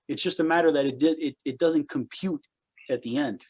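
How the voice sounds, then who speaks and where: A man's voice: on the high side, lively intonation, fairly quick, darkish tone. A man co-hosting a casual wrestling chat podcast, rambling and repeating words as he picks apart what he watched. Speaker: podcast co-host.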